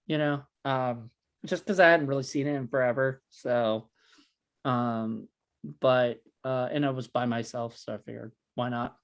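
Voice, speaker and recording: A man's voice: mid-range voice, steady tone, measured pace. A man co-hosting a podcast, chatting casually with a hesitant, filler-heavy delivery and dry jokes. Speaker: podcast co-host. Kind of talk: casual chat.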